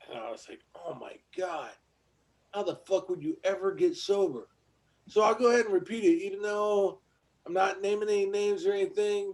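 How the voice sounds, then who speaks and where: A man with a somewhat high, gravelly voice talks on a casual podcast. He is blunt and profane, and he tells stories at length. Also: darkish tone. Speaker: podcast co-host.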